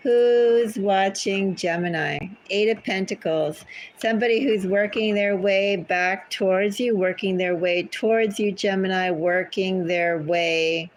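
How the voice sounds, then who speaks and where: Slow, chatty woman reading tarot. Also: mid-range voice, low-quality recording. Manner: chatty, easily sidetracked, talks to her cats. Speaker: tarot reader. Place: home with cats.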